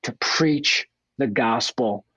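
A man from Denver, a guest evangelist and author, telling his life story in a radio interview with blunt, animated energy. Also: medium pitch, slow, no room sound, low-quality recording. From Denver, United States.

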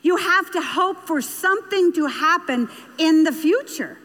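High-voiced woman telling a story in a hall. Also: expressive, measured pace, a bit bright. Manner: anecdotal, earnest, emphatic repetition. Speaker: speaker on parenting. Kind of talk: storytelling talk to an audience. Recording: long hall reverb.

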